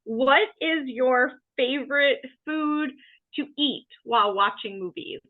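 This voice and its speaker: A woman's voice: sits high, takes it slowly. A woman co-hosting a casual movie podcast, bubbly and giggly. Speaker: podcast co-host. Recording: tinny call-in line.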